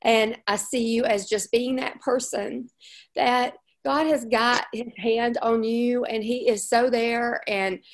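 A woman hosts a casual Christian chat with a slightly high voice. She gushes with encouragement and often restarts her sentences. Her laughs break in easily. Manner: effusive and encouraging, with spontaneous laughs; speaks in rambling restarts. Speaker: host of a Christian women's ministry challenge.

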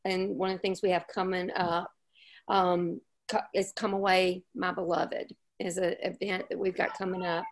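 A woman hosting a casual Christian women's ministry chat, effusive and encouraging, with rambling restarts and warm laughs. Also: fairly low pitch, flat delivery, moderate pace.

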